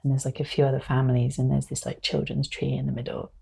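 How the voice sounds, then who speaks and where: A woman's voice: rumbling low, quick pace, creaky, breathy edge. A woman, a podcast guest telling stories in a casual, emotional way, full of fillers. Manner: emotional, animated, filler-heavy storytelling. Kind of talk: casual conversation.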